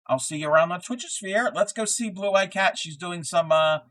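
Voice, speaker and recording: A man hosting a crafting live stream, chatting casually while he crochets. He rambles in a low-key way, with lots of fillers and restarts. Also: a little fast, a bit bright, rough recording.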